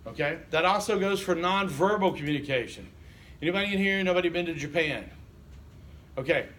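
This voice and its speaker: A man's voice: on the high side, animated, fairly quick, a bit bright, slight background noise. A man teaching a college class, with wry, joking asides to his students. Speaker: college instructor. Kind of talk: classroom lecture. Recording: echoey classroom from far off.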